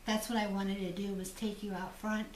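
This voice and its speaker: A woman's voice: mid-range voice, flat delivery, normal speed, slight background noise. Chatty woman host, echoey room. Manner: chatty, storytelling, laughs easily. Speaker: jewelry designer and channel host. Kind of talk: casual chat to viewers. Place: room in a home shop. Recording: echoey room, mic at a distance.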